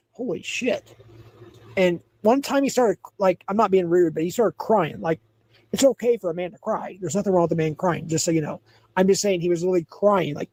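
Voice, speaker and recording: Livestream host, male, high and mellow voice, loose rambling delivery. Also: dry recording. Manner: rambling, reads chat aloud, laughs often. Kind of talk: casual livestream chat.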